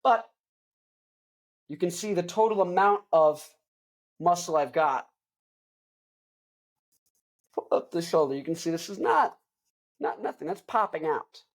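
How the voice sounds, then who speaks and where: A man's voice: high-pitched, lively intonation, a little slow, pauses often. Rambling young man hosting a rock show. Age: young adult. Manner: rambling, digressive, jokey. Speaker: host. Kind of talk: casual album review chat.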